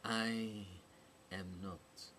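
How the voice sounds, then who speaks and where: A man voicing a cold, menacing foreign warrior woman who speaks slowly and formally with odd pronunciation. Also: lowish voice, steady tone, pushed and bright, slight background noise, full character voice. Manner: slow, formal, oddly pronounced.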